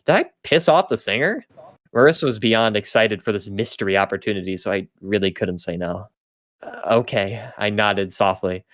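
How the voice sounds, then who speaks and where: Reading fanfiction aloud as a comedy bit, this young podcast host trips over lines and fixes them between laughing asides. He speaks at a fairly low pitch, and the studio sound is clean with no room sound at all.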